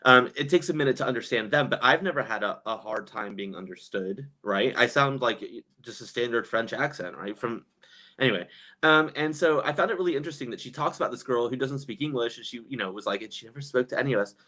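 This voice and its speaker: A man chatting casually on a live stream, gossipy and quick to laugh, reading viewers' comments aloud and reacting. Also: medium pitch, sharp tone.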